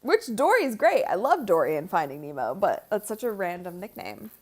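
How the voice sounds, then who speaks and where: A woman's voice: mid-range voice, very animated, fairly quick. Woman streaming a game watch party, voice jumps up and down a lot, chatty with chat. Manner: chatty, reacts out loud to plays; talks to chat viewers. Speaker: livestream host. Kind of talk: live game watch-along commentary.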